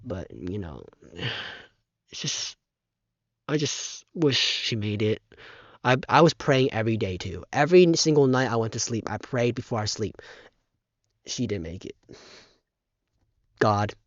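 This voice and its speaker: A teenage boy talking haltingly in a casual vlog, close to tears, with many fillers and restarts, on a dull, muffled microphone. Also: lowish voice, big pitch swings, dry recording. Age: teens. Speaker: vlogger.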